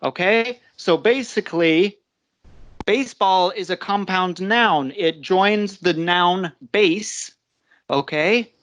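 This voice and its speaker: A woman's voice: fairly low pitch, slow. An American woman teaching a live English pronunciation lesson, patiently explaining step by step and checking in with her listeners. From United States.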